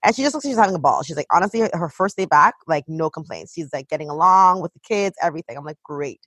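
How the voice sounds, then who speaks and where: A woman with a husky, slightly breathy voice tells animated stories in casual chat, leaning on "like" at every turn. The sound is dry and close, with no room around her. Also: low-pitched, fast, dry recording. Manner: animated storytelling, heavy use of "like". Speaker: mother of a toddler.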